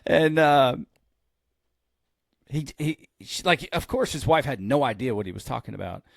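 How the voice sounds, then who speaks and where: Animated male pastor telling a story. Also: medium pitch, normal speed, creaky, long pauses, no echo, studio quality. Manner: animated storyteller who acts out quoted lines. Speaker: pastor and podcast host. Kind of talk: storytelling in casual podcast chat.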